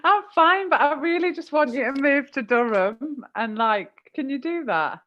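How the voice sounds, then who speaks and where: A woman's voice: high-pitched, animated, dull audio. A woman hosting a fundraiser livestream from her home, eager and appealing again and again for donations. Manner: warm, eager, repeats appeals, slows down for numbers. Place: home in a village.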